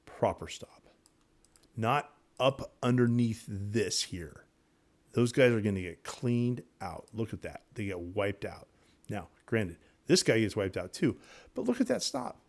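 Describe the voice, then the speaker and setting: Gravelly man teaching chart trading. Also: on the low side, unhurried. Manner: excitable, repetitive, talks to viewers directly. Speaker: day trading instructor. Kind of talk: casual screen-share trading lesson.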